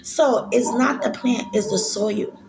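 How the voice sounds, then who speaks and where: A woman's voice: on the high side, slow pace, vocal fry, over music. A young woman telling a personal story, rambling and repeating herself for emphasis, with lots of fillers. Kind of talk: storytelling to live viewers. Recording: crowd noise in background.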